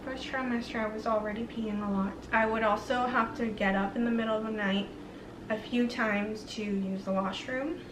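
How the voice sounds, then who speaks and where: A woman's voice: a little high, fairly even intonation, normal speed, noisy background. Chatty young woman, roomy distant sound. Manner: chatty, rambling, frequent "like" and "um". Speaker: vlogger. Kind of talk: casual chat to camera. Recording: roomy, slightly distant mic.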